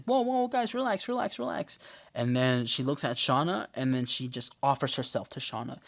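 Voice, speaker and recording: The speaker is a man hosting a relaxed podcast recap. His talk is full of jokes, swearing, and loose slang, with the occasional loud exclamation that shoots up in pitch.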